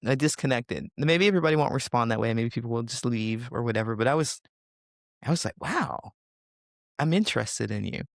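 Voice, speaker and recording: A man, a coach, talking reflectively in a podcast interview and sometimes acting out inner thoughts in a higher voice. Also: fast, no room sound, studio quality. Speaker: social connections coach.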